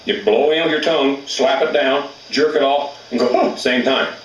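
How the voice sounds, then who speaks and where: A man's voice: medium pitch, moderate pace, echoey room, far from the mic, rough recording. A man teaching elk calling in a plainspoken, folksy way, with rural grammar. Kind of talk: outdoor hunting instruction.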